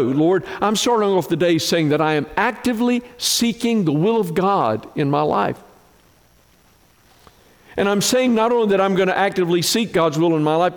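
A man preaching a sermon as pastor, slow and emphatic, with dramatic swings in pitch. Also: in a large hall.

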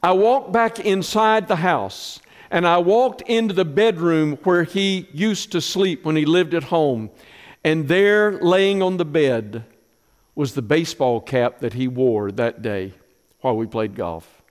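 Middle-aged pastor preaching in a reverberant hall. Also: male voice, a little high, measured pace. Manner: storytelling, emotional, softens to a hush in tender moments. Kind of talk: sermon.

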